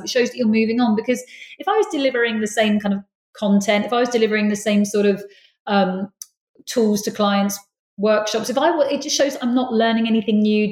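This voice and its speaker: Woman, podcast host, earnest, affirming, reflective, mid pitch, echoey room. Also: darkish tone. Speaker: host, performance coach. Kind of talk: podcast interview.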